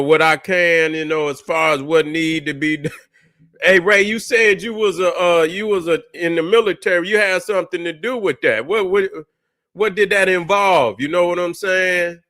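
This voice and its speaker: A man's voice: on the high side, a bit bright. A man hosting a casual reaction vlog, telling a rambling, profane story straight to his viewers. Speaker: channel host.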